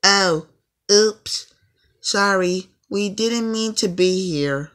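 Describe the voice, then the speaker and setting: Man putting on a tiny cartoon letter character, high and sheepish, bright edge. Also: drawn-out words, full character voice.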